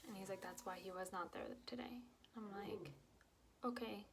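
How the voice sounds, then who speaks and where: Young woman telling a painful story, halting. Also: mid-range voice, background noise. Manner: emotional, halting, many fillers and restarts; drops to whispers at painful moments. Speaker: vlogger telling her own story. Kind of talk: personal storytelling to camera.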